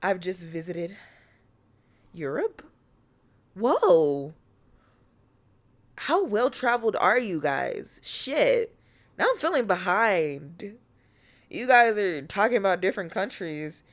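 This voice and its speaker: A woman's voice: mid-range voice, very animated, takes it slowly, long pauses. An American woman streaming and chatting casually, playful and teasing, swearing freely. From United States. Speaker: VTuber streamer.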